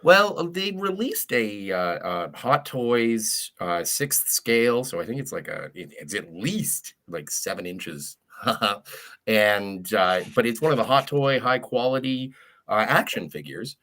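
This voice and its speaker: A man in a casual group chat, telling rambling, cheeky stories. His voice is bright and forward, and his pitch rises and falls a lot as he goes. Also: sing-song, measured pace. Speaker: show regular.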